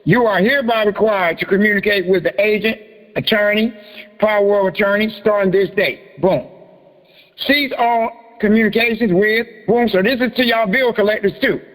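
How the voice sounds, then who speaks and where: A man with a high voice hosts a private group talk, cracking crude jokes and laughing before reading a document line by line. His voice rings with a long reverb. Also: normal speed, fairly bright tone. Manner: joking, profane and laughing, then reading out a form letter. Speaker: host of a private group meeting. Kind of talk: casual teaching talk.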